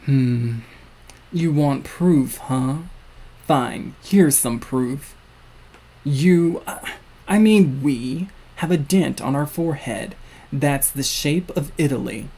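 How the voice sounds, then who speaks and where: A man voicing a suave, menacing male villain, the hero's future self, speaking slowly and deliberately. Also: fairly high pitch, warm tone, slightly rough, exaggerated voice. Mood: smug.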